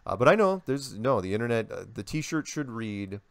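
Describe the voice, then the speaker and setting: An older man, a guest in a casual interview, telling stories in an animated way and acting out the voices he quotes. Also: mid-range voice, moderate pace, no room sound.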